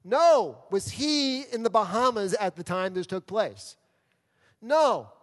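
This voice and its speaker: Man preaching a sermon, high-pitched voice, rhetorical questions, long hall reverb. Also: expressive, slow pace. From New York City. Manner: rhetorical questions, acting out quoted excuses. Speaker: pastor.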